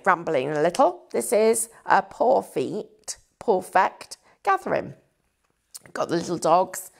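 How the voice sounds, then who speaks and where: Middle-aged woman demoing crafts live, chatty and rambling, bit of fry in her voice. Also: lowish voice. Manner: chatty, rambling, self-deprecating. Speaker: craft presenter. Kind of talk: live-stream product demo chat.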